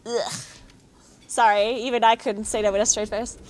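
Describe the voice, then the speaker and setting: In her thirties, this woman streams a game and chats casually, laughing often and swearing freely. Her voice sits a little high and moves a little slowly.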